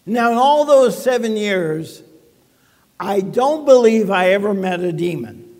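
A man's voice: sits high, animated, a little slow, a little mellow, big-room sound. A man preaching a sermon as pastor, in a conversational way with frequent rhetorical questions. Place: church sanctuary.

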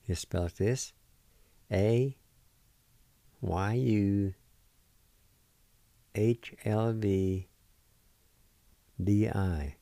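Slow, gravelly-voiced man teaching words. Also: fairly low pitch, mellow, no room sound. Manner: patient, spells words letter by letter and repeats them; encouraging. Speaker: radio host teaching Cherokee words. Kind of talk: slow spelling and pronunciation lesson.

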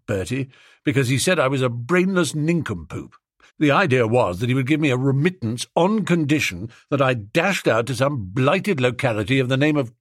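A flustered young toff in a fix, as a male narrator plays him, rambling on in old-fashioned slang. The pitch jumps around a lot, and the voice is slightly husky on a close, dry recording. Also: no echo, close to an everyday voice. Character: hard-up young gentleman, gloomy and flustered. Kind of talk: audiobook character voice.

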